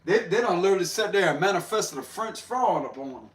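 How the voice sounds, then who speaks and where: High-pitched man, tarot reader, casual livestream talk, slangy, laughs a lot. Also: lively intonation, fast talker. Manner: slangy, laughs often, talks to viewers.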